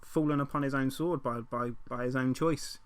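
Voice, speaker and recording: A man trades sardonic banter on a comedy podcast. He drops in blunt, sweary remarks at an everyday male pitch. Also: fairly even intonation, moderate pace, clean tone. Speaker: podcast co-host. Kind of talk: satirical banter.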